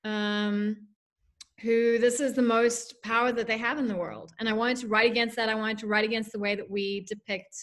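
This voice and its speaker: A fairly high, level-toned woman's voice at a moderate pace comes from a South African author appearing as a guest in a casual video-call interview. She fills her speech with fillers and self-deprecating remarks, and her mixed accent wanders toward American and Irish.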